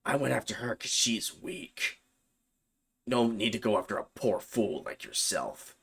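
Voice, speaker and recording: Man putting on a low, hushed, slow-spoken demon, cold and taunting. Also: lively intonation, vocal fry, a little hiss or hum, heavily acted. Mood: cold menace. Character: menacing demon possessing a young woman.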